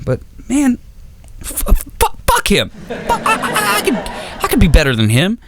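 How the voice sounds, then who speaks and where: A man's voice: high-pitched, wildly swooping pitch, normal speed, background noise. A man doing stand-up comedy, telling a story in an exasperated, stammering, profane way, acting out both sides of a conversation. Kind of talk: stand-up routine. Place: comedy club stage.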